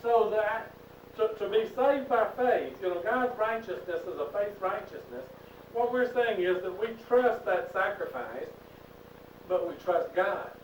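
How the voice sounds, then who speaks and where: A man's voice: high voice, lively intonation, measured pace, a little hiss or hum. A man teaching a Bible class in an emphatic preaching style, asking the class questions. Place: church classroom. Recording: echoey room, distant mic.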